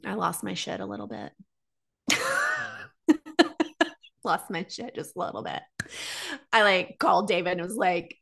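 Woman, 30s, clear bright tone, frank lively storyteller who voices past conversations. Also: on the low side, brisk, long pauses. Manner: candid, animated retelling with quoted dialogue. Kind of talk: personal storytelling monologue.

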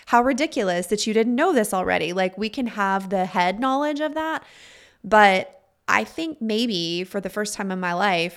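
Earnest woman with vocal fry. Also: medium pitch, fairly bright tone. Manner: earnest and confiding, asks listeners direct questions. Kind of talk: reflective spoken monologue.

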